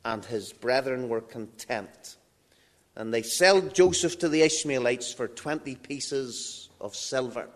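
A man's voice: mid-range voice, animated, slow. A man preaching a sermon in a church, reading scripture and dramatically acting out the voices of biblical figures. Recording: long reverb of a large hall.

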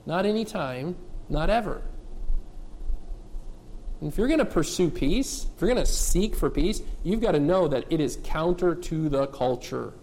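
Male pastor, high voice, emphatic sermon, lots of rhetorical questions. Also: animated, normal speed, vocal fry, darkish tone. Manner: addresses kids and adults directly.

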